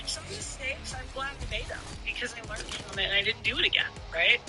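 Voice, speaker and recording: A man's voice: very high voice, pushed and bright. A man live-streaming, giving opinionated casual commentary while he plays a game. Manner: opinionated, talks while gaming.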